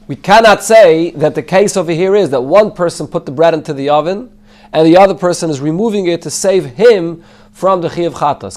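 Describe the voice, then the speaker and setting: Male rabbi teaching a Talmud class, slightly raised pitch, translates and explains line by line. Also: a little mellow. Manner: explains in English mixed with Hebrew and Yiddish terms; translates the Aramaic text line by line.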